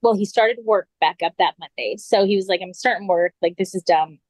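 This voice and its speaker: A woman's voice: medium pitch, fairly quick, no echo, poor audio. A woman guest on a podcast, recounting a personal story casually, full of "like" and acted-out quotes.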